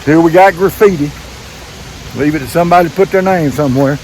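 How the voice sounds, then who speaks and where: A man's voice: a little high, quick pace, darkish tone, slight background noise, low-quality recording. An older man, rambling in a folksy way while filming himself hiking a wooded trail, a little out of breath. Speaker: RV vlogger. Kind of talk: casual hiking vlog narration. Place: wooded trail outdoors by a waterfall. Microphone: handheld camera while hiking.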